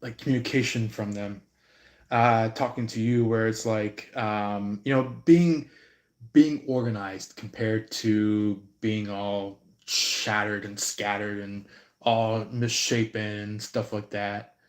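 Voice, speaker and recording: A man giving an intuitive reading on a live stream, slow and halting, with many fillers and restarts. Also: lowish voice, steady tone, reverberant. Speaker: tarot reader.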